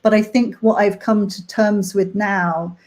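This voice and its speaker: Woman, young adult, mellow voice, candid chat, halting, emotional. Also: mid-range voice, steady tone. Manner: emotional, halting, many fillers. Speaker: nanny sharing her story.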